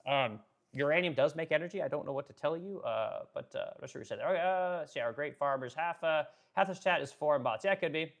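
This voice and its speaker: Fast-talking blunt male livestreamer. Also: fairly high pitch, vocal fry, a bit bright. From Pacific Northwest, Oregon. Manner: blunt, profane, rambling with many fillers. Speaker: livestream host reading chat. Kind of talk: casual livestream chat.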